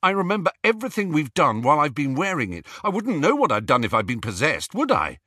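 A man's voice: fairly high pitch, wildly swooping pitch, fast, fairly bright tone, no room sound, voice pushed up, heavily acted. Guy doing a rattled teen boy, defensive and firm, dry close sound. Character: shaken, defensive teenage boy.

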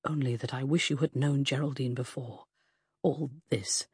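A soft-spoken, courteous former army officer, voiced by a woman narrator, formal and a little sad in his audiobook scenes. The husky voice sits close on a dry mic. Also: mid-range voice, steady tone, moderate pace, no echo, pitched below the performer's own voice. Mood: gentle. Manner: formal and gentle.

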